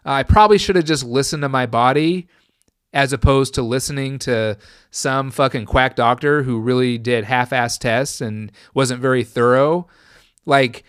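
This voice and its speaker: A man's voice: medium pitch, clean tone, dry recording, clean studio sound. A man hosting his own podcast, telling a personal story in a casual, rambling and profane way. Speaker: podcast host.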